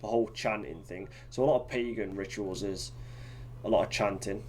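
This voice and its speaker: Low-voiced man, rambling chat. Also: a little fast, a little mellow, a little hiss or hum. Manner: rambling, many fillers and restarts. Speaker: podcast co-host. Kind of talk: casual chat.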